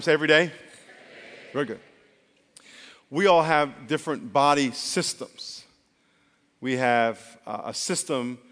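A man preaching a sermon as pastor, animated and leading call-and-response with the congregation. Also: medium pitch. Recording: long hall reverb.

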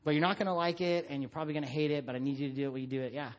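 A man's voice: rapid-fire, highs cut off. A middle-aged man preaching a sermon, telling stories about his son and acting out voices. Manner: animated storytelling, acts out his son in a high voice. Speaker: pastor.

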